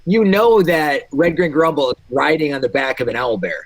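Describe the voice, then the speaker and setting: A man playing a tabletop game tosses out narration in a playful, jokey way. His voice sits high, and the recording is dry. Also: brisk, dry recording. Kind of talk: casual chat and improvised narration.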